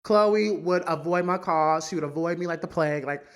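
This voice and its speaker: A solo celebrity gossip podcast host sits on an indoor couch, speaking in a lowish voice at a moderate pace. She's brassy, blunt and swears freely, hammering points home by saying them again.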